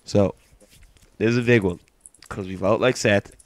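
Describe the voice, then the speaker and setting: A man's voice: fairly low pitch, fairly even intonation, moderate pace, slight background noise. A British man co-hosting a podcast in casual chat, playful and teasing. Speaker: podcast co-host.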